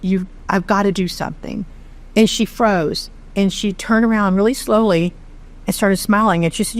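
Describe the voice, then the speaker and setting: A middle-aged woman from Texas tells her own story as an interview guest, candid and animated, with a self-deprecating streak. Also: mid-range voice, moderate pace. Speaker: charity founder, interview guest. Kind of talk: conversational storytelling.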